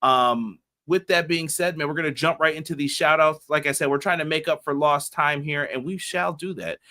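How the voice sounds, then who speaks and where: Male podcast co-host, bright, slightly high voice, energetic shout-out reader. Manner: hyped, rapid shout-out reading. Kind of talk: casual podcast chat.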